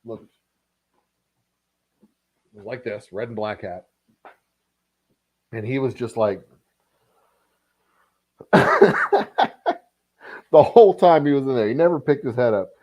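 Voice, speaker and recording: A man's voice: mid-range voice, unhurried, pauses often, dark tone. A man hosting a casual livestream, telling a rambling, profane story with frequent chuckles. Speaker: distillery host.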